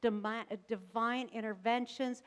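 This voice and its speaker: A woman pastor delivers a sermon at an unhurried pace, shaping the story with dramatic emphasis and pauses. Her voice carries a long, ringing reverb from a church sanctuary. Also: fairly high pitch, fairly even intonation.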